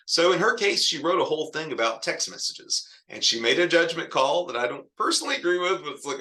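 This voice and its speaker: A man's voice: mid-range voice, big pitch swings, fairly quick, few pauses, pushed and bright. A man teaching a college writing class in a recorded lecture, casual and wry, with self-deprecating asides.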